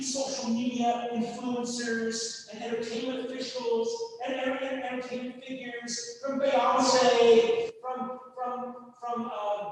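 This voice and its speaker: An animated male professor giving a class lecture, with a voice that sits very high for a man. He is heard from a distance in a strongly echoing room with a long tail of reverb. A faint hum of background noise runs under him. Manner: animated, mocks others in high put-on voices. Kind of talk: lecture over a video call. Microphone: computer mic on a video call. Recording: echoey, roomy, distant mic.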